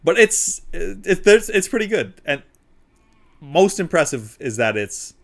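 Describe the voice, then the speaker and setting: A man's voice: high-pitched, big pitch swings, unhurried, creaky. A man co-hosting a live-streamed talk show, chatting in an easygoing way and laughing often. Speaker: podcast co-host. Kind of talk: casual chat.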